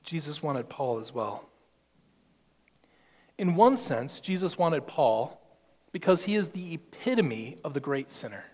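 A man's voice: on the high side, very animated, unhurried, pauses often, a little mellow. Man preaching in a reverberant hall. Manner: expository preaching, quoting scripture and acting out Paul's voice. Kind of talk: sermon. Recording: long reverb in a large hall.

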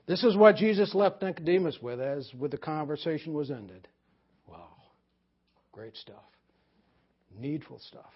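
A man pastor preaching a sermon, swinging from loud emphasis to hushed near-whisper. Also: a little high, lively intonation, measured pace, long pauses, husky. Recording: dull lo-fi sermon recording.

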